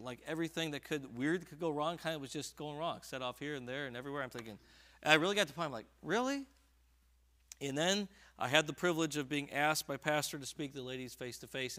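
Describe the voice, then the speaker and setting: A man pastor preaching a sermon, moving from quiet personal confession to loud, fervent scripture reading in a church. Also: mid-range voice. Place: church sanctuary.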